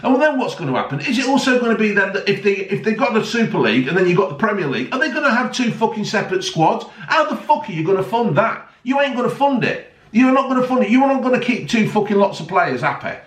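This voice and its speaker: Man, angry sweary rant, high animated voice, roomy echo, a bit off-mic. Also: quick pace, few pauses, distant mic. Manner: sweary, sarcastic, heated. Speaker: vlogger. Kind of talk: angry ranting monologue.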